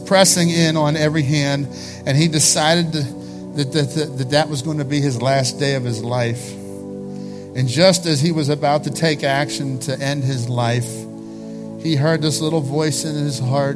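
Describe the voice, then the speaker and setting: Impassioned male preacher over music. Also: fairly high pitch. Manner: impassioned, rising to pleading peaks. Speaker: pastor. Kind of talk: sermon.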